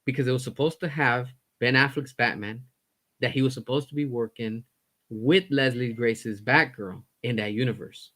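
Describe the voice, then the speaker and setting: A man's voice: medium pitch, normal speed, fairly bright tone. A man hosting his own commentary stream, ranting in a heated, blunt way. He swears, repeats himself for emphasis and sounds fed up. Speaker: commentary host. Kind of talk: heated opinion rant.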